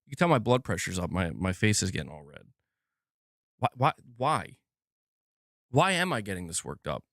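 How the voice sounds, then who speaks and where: Excitable swearing man on a dry mic. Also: fairly low pitch, normal speed, dry recording. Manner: excitable, swearing, self-mocking, repeats and restarts words. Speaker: gaming livestream host. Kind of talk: live commentary rant. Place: indoor room at home.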